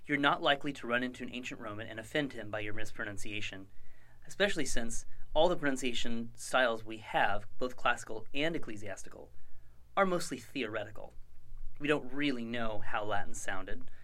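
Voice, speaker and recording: A man gives a Latin pronunciation lesson in a clear, deliberate teaching voice. His pitch sits in a middle range, and he slows down and stretches words to mark the endings. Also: bright, forceful tone, low-quality recording. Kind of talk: instructional lesson narration.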